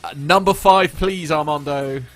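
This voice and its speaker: A man's voice: on the high side, measured pace, fairly bright tone, faint music behind. A man hosting a casual podcast chat, joking and laughing often as he calls on his co-hosts. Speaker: podcast host.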